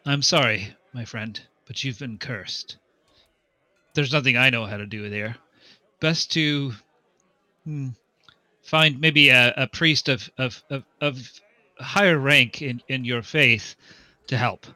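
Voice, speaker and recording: A man's voice: medium pitch, slow pace, long pauses, pushed and bright, dry recording. A man voicing a sly, sleepy male adventurer in a tabletop game, with dry, wry asides. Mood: weary.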